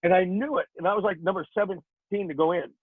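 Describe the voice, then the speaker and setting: A man's voice: high-pitched, quick pace, breathy edge, no room sound. An older man, an actor and comedian, telling jokey stories in a casual interview and slipping into put-on voices, over a tinny phone-like line.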